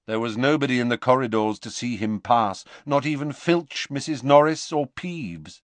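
A man narrating an audiobook in an expressive, measured storytelling manner. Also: mid-range voice, no room sound. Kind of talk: scripted narration.

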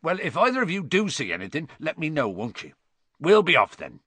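A man voicing a huge, gruff male half-giant gamekeeper who talks bluntly in fast, rough bursts, as a storybook reading. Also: fairly high pitch, huge pitch swings, sharp tone, no room sound, voice pushed up, full character voice. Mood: grumbling.

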